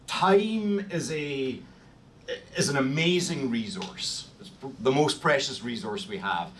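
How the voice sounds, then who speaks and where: A man's voice: medium pitch, fairly bright tone. A man with a Scottish accent giving a history lecture to a group, self-deprecating, with lots of ums and restarts. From Scotland. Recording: distant mic in a room with faint noise.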